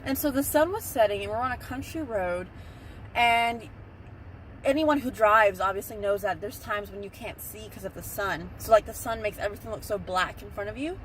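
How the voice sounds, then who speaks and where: A woman's voice: medium pitch, normal speed, a bit bright, slight background noise. Chatty young woman vlogging from her car. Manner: chatty, rambling, talks straight to viewers. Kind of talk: casual storytelling vlog. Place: in a parked car.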